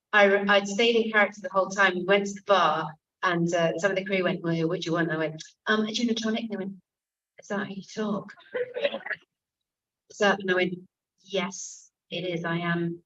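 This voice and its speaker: An English actor and author answering audience questions at a bookshop event, candid and self-mocking, with frequent swearing. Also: female voice, mid-range voice, steady tone, moderate pace, fairly bright tone. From England. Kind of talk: casual stage conversation. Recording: distant, dull lo-fi room recording.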